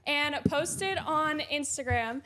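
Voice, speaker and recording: A woman's voice: high-pitched, takes it slowly, crowd noise. A young woman hosting a podcast in casual chat, talking with lots of fillers. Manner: chatty, many fillers. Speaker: podcast host.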